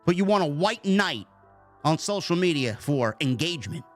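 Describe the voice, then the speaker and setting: A man's voice: fairly high pitch, moderate pace, faint music behind. A man hosting a casual wrestling review show, reading super chats and ranting bluntly with plenty of swearing. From New York. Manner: blunt, profane, animated rants.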